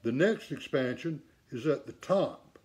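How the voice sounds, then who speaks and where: A middle-aged man walking through saxophone repair in a relaxed hands-on lesson. He talks bluntly and emphatically and tosses in rhetorical jabs. His voice sits at a middle pitch for a man. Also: measured pace, slightly rough. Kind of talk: casual demonstration lesson.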